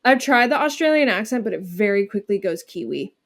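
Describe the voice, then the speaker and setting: A woman comedian talks casually as a guest in an interview. Her speech rambles with fillers and false starts, at a middle pitch for a woman. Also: expressive, brisk. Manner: chatty, many "like" fillers and restarts.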